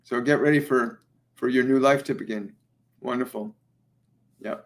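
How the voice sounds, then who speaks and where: A man hosting a live spiritual Q&A as a medium, speaking gently and soothingly, often repeating his phrases and pausing on ums. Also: mid-range voice, fairly even intonation. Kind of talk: livestream channeling session.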